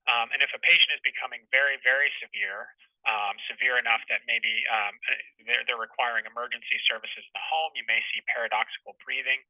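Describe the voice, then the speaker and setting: A man's voice: mid-range voice, steady tone, fairly quick, pushed and bright, no echo, distant mic, muffled recording. A man who is a clinician, giving a medical webinar lecture in a patient, explanatory teaching tone.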